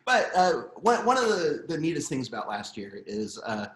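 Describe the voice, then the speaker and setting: A man in his thirties tells stories in a casual interview, animated and full of fillers. His voice sits a little high and moves a lot. The video call sound has a roomy echo. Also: normal speed. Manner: animated, chuckling storyteller with many fillers. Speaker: guest musician.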